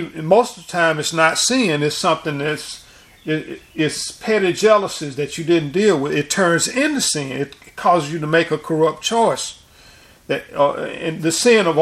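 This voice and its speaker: A man's voice: fairly high pitch, fairly bright tone. A man preaching informally and recounting a dream, rambling with frequent restarts and repeated words. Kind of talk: informal sermon and dream testimony.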